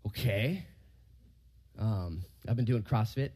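Man preaching a lively, conversational sermon. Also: brisk. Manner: conversational, asks the room questions, rises loud for emphasis and drops low for asides. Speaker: pastor. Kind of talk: casual verse-by-verse sermon.

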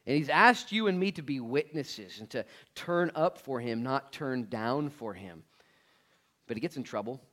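Bright-voiced energetic preacher man. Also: mid-range voice, moderate pace. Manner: energetic, casual, slangy preaching. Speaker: pastor. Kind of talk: sermon. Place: church.

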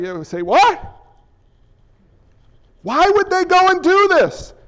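A male pastor preaching a sermon with impassioned, emphatic delivery that often rises and gets worked up. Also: very high voice.

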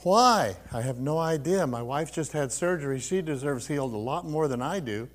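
An older man tells his personal testimony in a slightly high voice. He quotes others along the way and laughs often. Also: a little fast, a little mellow. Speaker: preacher giving testimony.

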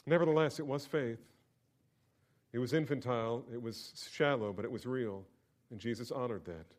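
A man preaching a sermon, shifting from hushed, intimate storytelling to loud, emphatic build-ups. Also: mid-range voice, moderate pace. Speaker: pastor.

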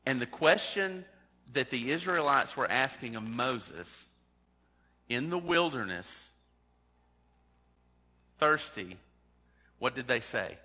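Man, pastor, sermon, bright sharp tone, hall reverb, conversational questions to the congregation. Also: medium pitch, lively intonation, slow pace, pauses often.

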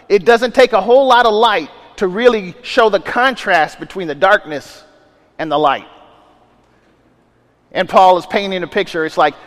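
A man's voice: sits high, fairly bright tone. A male pastor preaching a sermon in a conversational way, asking rhetorical questions and restarting his sentences often. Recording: long reverb of a large hall.

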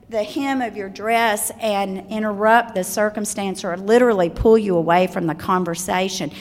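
An older woman with a Southern accent, giving a chatty talk to parents on children's manners and telling stories with asides. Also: medium pitch. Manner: chatty, warm storytelling with asides. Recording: long hall reverb.

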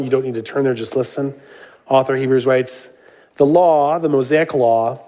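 In a darkish, mid-range voice, a male pastor reads passages of scripture and then unpacks them informally. His sermon is full of "uh"s and "um"s, with jokes sprinkled throughout.

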